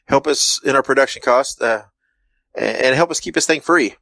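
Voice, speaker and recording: Host, halting plug read full of fillers, dry close sound. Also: male voice, mid-range voice, bright, forceful tone, no echo. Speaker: podcast host. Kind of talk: show outro and plugs.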